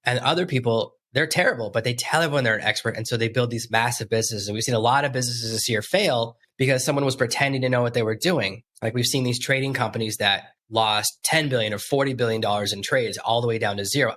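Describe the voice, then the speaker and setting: A man's voice: mid-range voice, quick pace, few pauses. A man hosting a podcast interview, telling stories and acting out the quotes in a conversational way. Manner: storytelling, animated quoting. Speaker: podcast host.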